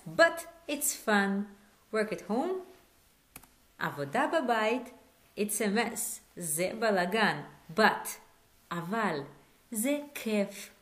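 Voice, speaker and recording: A woman teaching a Hebrew lesson in English, patient, repeating words slowly and asking questions. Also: medium pitch. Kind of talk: online language lesson.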